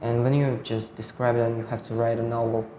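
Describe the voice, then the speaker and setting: A man's voice: medium pitch, level tone, a little fast, dark tone. A young man with an Uzbek accent, a native Uzbek speaker, answering interview questions hesitantly and searching for words. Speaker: guest, IELTS test taker. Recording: roomy echo, faint noise.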